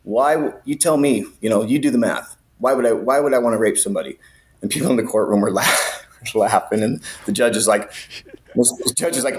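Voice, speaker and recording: A man, a podcast guest, telling a story in a casual, animated way, swearing freely and acting out the people in it. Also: mid-range voice, fairly quick. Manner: animated, profane, acts out voices.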